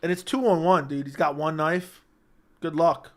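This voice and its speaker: A young man with a slightly high-pitched voice hosts a late-night livestream. He talks in loose, brash banter, swearing freely and joking with his chat. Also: fairly even intonation, moderate pace. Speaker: livestream host.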